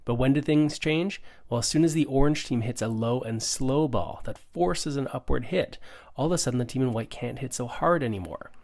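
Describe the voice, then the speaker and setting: A man's voice: medium pitch, moderate pace, creaky, darkish tone. A middle-aged man, a pickleball coach, giving an upbeat conversational lesson full of rhetorical questions. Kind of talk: instructional explainer.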